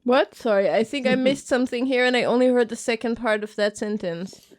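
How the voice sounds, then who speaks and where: A woman's voice: fairly high pitch, fairly quick. A woman from Austria, co-hosting a casual movie commentary, chatty and sardonic, full of "like" fillers. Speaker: podcast co-host.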